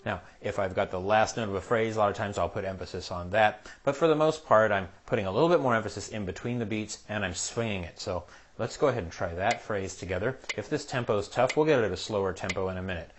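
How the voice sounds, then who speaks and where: A man's voice: fairly low pitch, lively intonation, fast. A man teaching a piano lesson, patiently explaining a jazz solo step by step and counting beats aloud. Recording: piano playing behind the voice. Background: piano playing.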